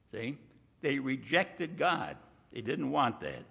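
A man preaching a sermon in a folksy, animated way, acting out the voices he quotes. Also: medium pitch, takes it slowly, creaky, husky. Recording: dull lo-fi recording with long hall reverb.

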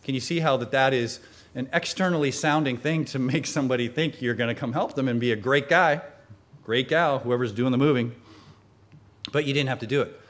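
A man leads a Bible study in an earnest, explanatory way, working through passages point by point. He stops to put questions to his listeners before answering them himself. His voice sits at an ordinary, mid-range pitch for a man. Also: a bit bright. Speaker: Bible teacher.

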